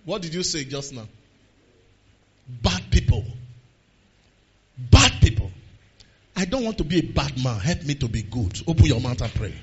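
A man with a Nigerian accent preaching a sermon to his church, moving between quiet talk and shouted prayer. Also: mid-range voice, expressive, fast, few pauses, slightly rough, muffled recording. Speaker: pastor. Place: church service.

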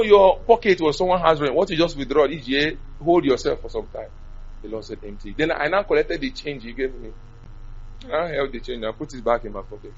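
A man preaching a sermon, animated, swinging from loud to soft. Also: medium pitch, slightly rough, muffled recording.

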